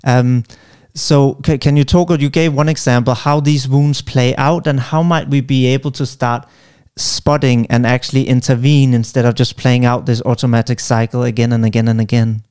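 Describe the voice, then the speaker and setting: A man's voice: medium pitch, fairly even intonation, moderate pace, darkish tone, smooth. A man interviewing a guest, asking thoughtful questions with a few hesitant restarts.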